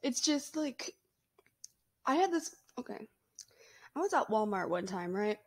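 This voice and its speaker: Blunt, chatty young mom vlogger. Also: female voice, a little high, very animated, unhurried, slightly rough. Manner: blunt, chatty, laughs often. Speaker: vlogger, mother. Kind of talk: casual to-camera chat.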